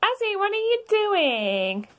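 A woman voicing a bossy goat mother plush toy who scolds her son in a shrill voice. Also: big pitch swings, takes it slowly, a bit bright, full character voice. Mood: shocked scolding.

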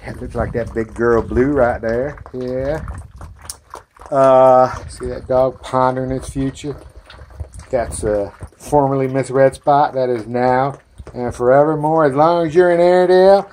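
A man's voice: mid-range voice, steady tone, measured pace, darkish tone. A man with a drawl chats casually outdoors on a back porch. He talks to his puppies in a coaxing, sing-song way. Faint outdoor noise sits under his voice. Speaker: dog breeder showing puppies. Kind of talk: casual chat to camera and puppies.

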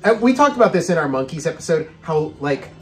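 A man's voice: on the high side, very animated, fast talker. A middle-aged man hosting a podcast in casual chat, rambling with frequent restarts. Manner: rambling, restarts, many fillers. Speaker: podcast host.

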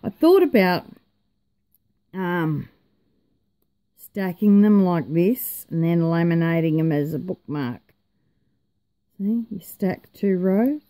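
Slow, mellow-voiced woman chatting. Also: on the low side, lively intonation. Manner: chatty, rambling, self-mocking. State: tired, yawning. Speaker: vlogger. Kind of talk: casual chat.

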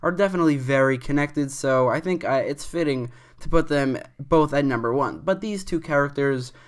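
A man's voice: a little high, moderate pace. Young man giving rambling opinions. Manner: rambling, restarts often, opinionated. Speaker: commentary video host. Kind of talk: unscripted opinion commentary.

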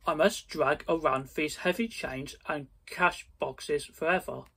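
A man's voice: a little high, measured pace, pushed and bright, breathy edge, full character voice. A man voicing the solemn ghost of a doomed old man, delivering warnings.

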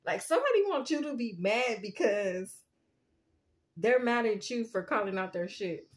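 A woman giving a casual spiritual tarot reading, chatty and quick to laugh, often asking "you know what I'm saying". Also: on the high side, lively intonation. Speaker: tarot reader.

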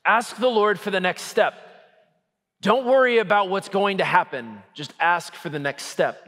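A man in his thirties, a Catholic priest, preaching a sermon with lively, humorous storytelling. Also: high voice, a little slow. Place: church. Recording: echoey church hall.

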